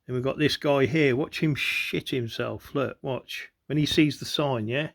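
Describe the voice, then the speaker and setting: A man with a gravelly edge talks through video clips, pointing things out as they play. He circles back on the same phrases again and again, pressing the listener to look. His pitch sits in the ordinary middle range for a man. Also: unhurried. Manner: repetitive, keeps saying "look" and "you know what I mean". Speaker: conspiracy video host. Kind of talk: rambling commentary over video clips.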